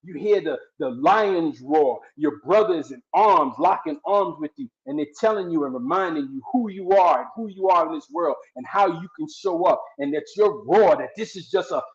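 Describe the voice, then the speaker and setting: A man's voice: on the high side, lively intonation, moderate pace, few pauses. A man giving a fervent motivational speech with preacher-like emphasis and repetition. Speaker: guest speaker. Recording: dull lo-fi sound.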